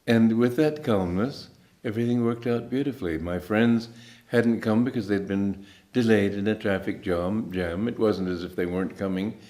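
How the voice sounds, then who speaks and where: A man in his eighties giving a spiritual talk as a teacher, telling stories in a calm, unhurried way with pauses. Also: fairly low pitch. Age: 80s.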